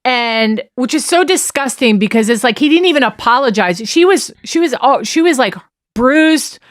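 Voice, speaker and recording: A woman's voice: high-pitched, normal speed, no echo, clean studio sound. Chatty woman retelling a court case. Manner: animated retelling with restarts, quoting texts in a raised voice. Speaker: podcast co-host. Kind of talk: casual true-crime chat.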